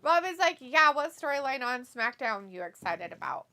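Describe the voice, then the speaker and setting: Giggly lady reading chat msgs on a stream, kinda high voice. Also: very animated, normal speed, bright, forceful tone. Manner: reads viewer comments aloud, giggly. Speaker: watch-along co-host. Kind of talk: casual livestream chat.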